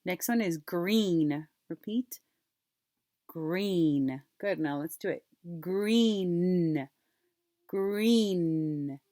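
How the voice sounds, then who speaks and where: Slow, patient woman teacher, dry close sound. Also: fairly low pitch, mellow, no room sound. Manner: slow, clear, drawn-out word modeling with repeat prompts. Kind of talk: phonics lesson for young children.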